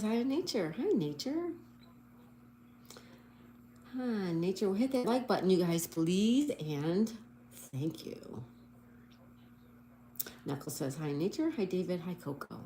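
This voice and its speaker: Cheerfully spelling words out letter by letter, a woman hosts a casual livestream and reads viewers' comments aloud. Her voice is medium-pitched and warm, with slight background noise.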